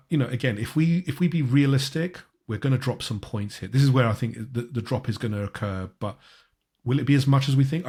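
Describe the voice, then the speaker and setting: A man's voice: medium pitch, a little mellow, breathy edge. A man hosting a casual football podcast, stopping and restarting his sentences often. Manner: hesitant, many restarts and self-corrections. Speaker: podcast host.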